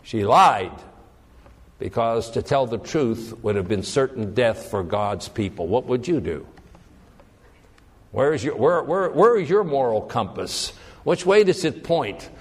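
A male preacher delivers a sermon with animated swings between loud, raised emphasis and low, hushed tones. He restarts and repeats words as he works through his point. His voice sits at an ordinary middle pitch and rings out with the long reverb of a large hall. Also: a little slow, breathy edge. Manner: repeats and restarts words while thinking aloud.

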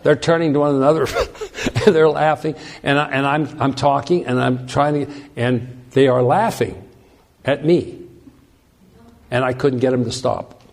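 A man preaching a sermon, telling a self-deprecating personal story with lively, animated delivery and frequent restarts. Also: medium pitch, a little slow, creaky.

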